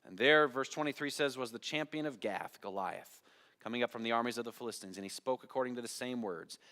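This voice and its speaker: A fast-talking pastor with a medium-pitched, pushed and bright voice delivers a sermon in a church sanctuary. He tells a Bible story dramatically, performing the biblical voices and putting questions to the congregation, and the audio has a long church hall reverb.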